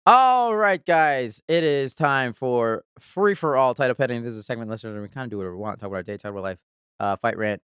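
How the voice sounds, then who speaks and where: A man hosts a podcast in casual, excited chat, laughing often and swearing freely. His voice sounds smooth and clear. The sound is dry and close. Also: medium pitch, fast, no room sound. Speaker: podcast host.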